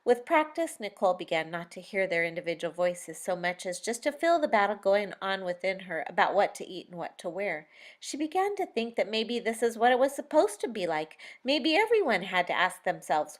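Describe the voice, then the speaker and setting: Woman narrator, audiobook reading, expressive emphasis, middle-pitched voice. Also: moderate pace. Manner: expressive storytelling with lively emphasis. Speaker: author and narrator.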